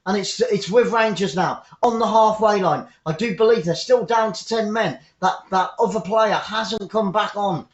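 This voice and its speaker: A man hosting a live fan football commentary stream, upbeat and chatty, greeting viewers by name. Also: high-pitched. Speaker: football commentator and channel host. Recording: echoey room, dull lo-fi sound.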